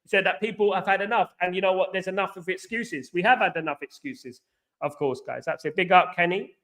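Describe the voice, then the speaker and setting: A man's voice: high voice, brisk, fairly bright tone. A middle-aged man with a London accent, hosting a casual livestream chat, rambling and repeating "you know what I mean". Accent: London English. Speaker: host.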